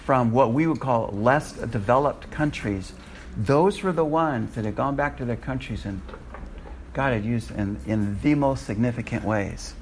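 Brief: male lecturer-missionary, classroom testimony, mid-pitched, lively storyteller who squeaks up high when quoting himself, faint room noise. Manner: animated, acts out his own lines with sudden high leaps in pitch and laughter. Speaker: Bible college lecturer and missionary.

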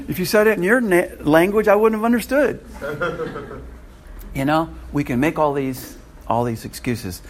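A man preaching a sermon in an animated way, with frequent chuckling asides. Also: fairly high pitch, a little slow, pauses often, slight background noise.

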